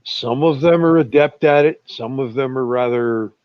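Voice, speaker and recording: A man in casual online talk, drawling slowly and chuckling as he tells stories. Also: mid-range voice, no echo. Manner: slow, drawling storyteller, chuckles often. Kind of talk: casual chat. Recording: muffled lo-fi voice chat.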